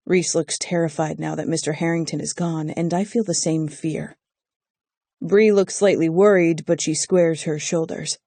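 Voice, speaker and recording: A gravelly, husky voice reads a first-person romance audiobook in an intimate, measured way. The tone is dark and mellow. It is captured close on a studio mic with a completely dry sound. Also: mid-range voice, steady tone, dry recording. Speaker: audiobook narrator.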